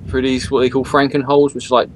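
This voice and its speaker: A man's voice: mid-range voice, flat delivery, fast talker, a little hiss or hum, low-quality recording. A man chatting on a podcast, explaining things in a loose, rambling way. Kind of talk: casual chat.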